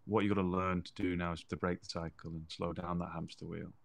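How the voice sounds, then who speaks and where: A man's voice: low voice, level tone, a little fast, vocal fry. A man co-hosting a podcast, talking earnestly and repeating phrases for emphasis. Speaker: podcast co-host. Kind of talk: casual conversational chat.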